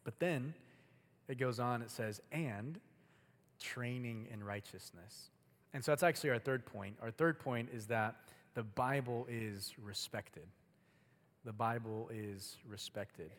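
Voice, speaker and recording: A young man with a medium-pitched, fairly bright voice preaches a casual, chatty sermon to a youth group at a measured pace. He leans heavily on filler words, especially "like," and the recording carries a long hall reverb.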